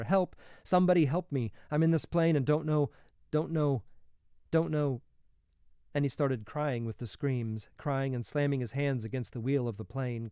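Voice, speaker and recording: A man reading a novel aloud in a steady, measured storytelling voice. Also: medium pitch, clean tone, no room sound, clean studio sound. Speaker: reader.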